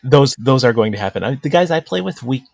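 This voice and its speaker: A man's voice: medium pitch, animated, fast, vocal fry, a little mellow, dry recording. A man co-hosting a casual tabletop gaming discussion, chatty and agreeable. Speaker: podcast co-host.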